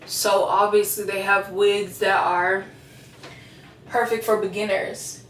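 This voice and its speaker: Slow and a bit bright, a young woman's mid-range voice moves little in pitch as she styles her wig and chats away to her viewers. She's a beauty vlogger, slangy and talkative, calling her audience "you guys" in a casual get-ready-with-me. Captured from a distance, the audio has roomy echo, faint ambience and slight background noise.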